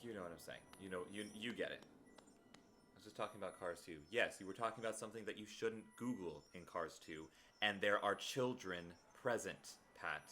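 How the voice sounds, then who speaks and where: A man's voice: low voice, moderate pace, sharp tone, faint music behind. A man streaming a video game live, talking earnestly and directly to his viewers in casual chat. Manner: earnest, talks straight to viewers.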